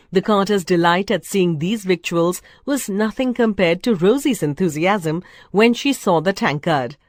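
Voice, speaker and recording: A woman with a lower-than-usual voice reads a storybook aloud in a measured, expressive way. The sound is dry and close. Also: no room sound. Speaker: reader. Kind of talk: storybook narration.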